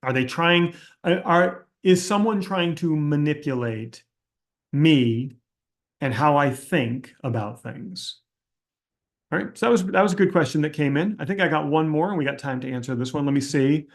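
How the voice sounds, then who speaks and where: Blunt, slightly high-voiced man answering questions. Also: lively intonation, normal speed, gravelly. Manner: blunt, candid and skeptical, thinks aloud with restarts. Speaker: host answering audience questions. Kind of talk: casual Q&A livestream talk.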